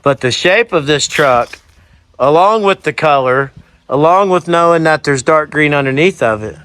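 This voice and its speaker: A man's voice: on the high side, animated, moderate pace, fairly bright tone, smooth. A man co-hosting a casual vlog, talking in an easygoing way and walking through the work step by step. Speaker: channel co-host. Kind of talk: casual chat. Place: outdoors on a rural property.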